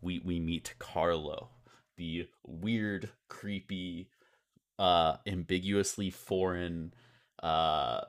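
A man's voice: low-pitched, fairly even intonation, very slow. A man hosting a podcast in loose, rambling casual chat, swearing now and then. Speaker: podcast host.

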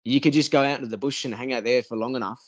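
A man's voice: mid-range voice, steady tone, rapid-fire. Swearing guy telling a story. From Australia. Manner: rambling, heavy swearing, acts out quotes. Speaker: podcast guest. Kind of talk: casual storytelling chat.

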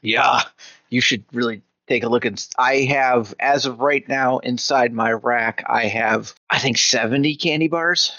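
A man's voice: mid-range voice, measured pace, sharp tone, dry recording, dull audio. A young man co-hosting a casual podcast, joking and teasing his friends. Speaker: podcast co-host. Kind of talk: casual chat.

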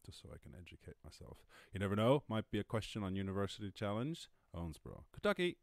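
A man's voice: lowish voice, fast, darkish tone, no room sound, studio quality. A man with an Irish accent hosting a casual livestream, rambling, swearing and laughing at his own jokes. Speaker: podcast host.

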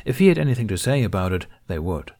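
A man reading fan fiction aloud in a measured, even storytelling manner. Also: lowish voice. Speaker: reader. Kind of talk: scripted fan fiction narration.

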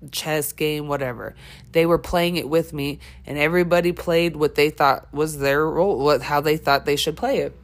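A woman speaking on her podcast in a candid personal monologue. She is blunt and emphatic, swears often, and halts with many fillers and restarts. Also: deep voice. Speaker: podcast host.

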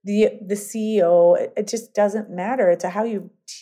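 A middle-aged woman entrepreneur telling long stories in a casual interview, rambling and animated, full of fillers and restarts. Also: mid-range voice, moderate pace. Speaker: guest entrepreneur.

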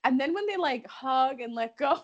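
A woman co-hosting a casual podcast, talking in a high, bouncy voice that swoops all over. She is animated and giggly, full of fillers and quick laughs. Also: dull audio. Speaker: podcast co-host. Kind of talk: casual chat recapping a soap opera.

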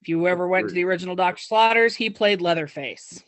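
A man's voice: high voice, fast talker, no room sound. Man from Utah in casual chat. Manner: rambling, relaxed, with fillers.

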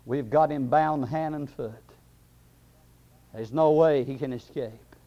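A man voicing talking grave clothes, a burial shroud that answers in a low, hushed voice, on a dull lo-fi recording. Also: slow, natural voice. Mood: reassuring.

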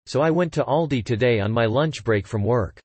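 A man narrating a written story in an even, matter-of-fact way. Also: medium pitch, brisk, breathy edge, no echo.

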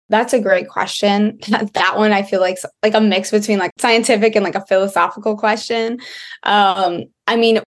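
A woman naturopathic doctor answering interview questions in a chatty way, full of "like" fillers. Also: mid-range voice.

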